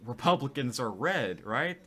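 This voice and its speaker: A man's voice: mid-range voice, big pitch swings, measured pace, fairly bright tone, slightly rough. A man vlogging in casual commentary, rambling with many restarts and self-corrections. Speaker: vlogger reading tweets.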